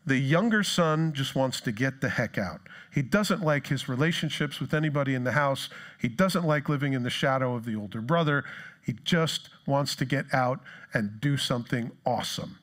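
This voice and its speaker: A man preaching a sermon in a church, animated, acting out the voices of people in the story. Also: mid-range voice. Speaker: pastor.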